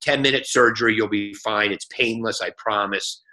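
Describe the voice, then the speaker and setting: Man, guest speaker, phone team call, motivational sales talk, forceful edgy voice, folksy energetic coaching. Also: fairly low pitch, moderate pace.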